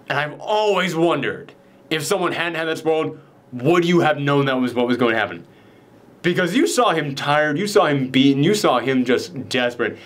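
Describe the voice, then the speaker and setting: A man's voice: medium pitch, lively intonation, normal speed. Casual man retelling a film's ending. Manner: loose, profane, acts out quotes. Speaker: film reviewer. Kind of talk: casual spoiler chat.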